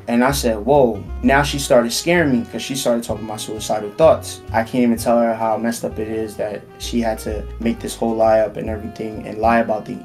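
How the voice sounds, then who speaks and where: A man being interviewed, telling a story in a casual, animated way and acting out the texts he quotes. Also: mid-range voice.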